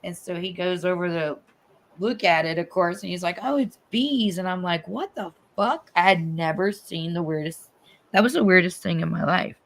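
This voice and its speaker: A middle-aged woman hosting a livestream, telling a story in a casual, animated and profane way. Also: lowish voice, normal speed. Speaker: livestream host.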